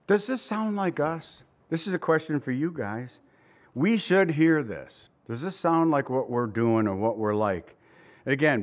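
A man's voice: mid-range voice, lively intonation, normal speed. A man preaching a sermon to his congregation in an earnest, conversational way, emotional and close to tears, with bursts of laughter between points. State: tired and near tears. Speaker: pastor.

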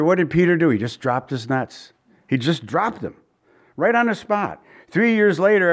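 Male preacher, slightly high voice, very animated delivery with wide swings, questioning his listeners. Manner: animated preaching, rising high for quotes and dropping low for emphasis. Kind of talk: sermon.

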